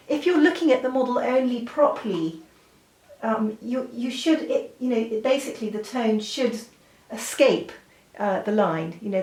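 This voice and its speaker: A woman's voice: a little high, a little mellow. A woman giving a drawing lesson, chatty and full of fillers, often breaking off with apologetic asides. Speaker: art teacher. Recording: roomy, from a distance, faint noise.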